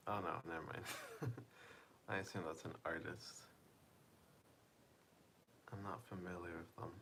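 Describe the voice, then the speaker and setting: Quiet, tired man streaming slowly on his phone. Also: deep voice, creaky, a little hiss or hum. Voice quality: soft-spoken, deliberately quiet. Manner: laid-back, reads chat aloud and answers viewers. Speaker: livestreamer reading chat. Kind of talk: casual live-stream chat.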